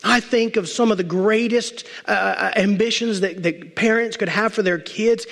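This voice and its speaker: A male pastor preaching a sermon, emphatic, stacking repeated phrases and slowing down to stress key words. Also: sits high, fairly even intonation, vocal fry, fairly bright tone. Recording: long reverb of a large hall.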